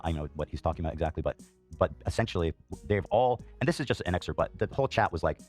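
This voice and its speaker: Fast, deep-voiced heated male host. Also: lively intonation, a little mellow, soft background music. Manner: heated, swears, frequent fillers and coughs. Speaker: podcast host. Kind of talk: reaction commentary.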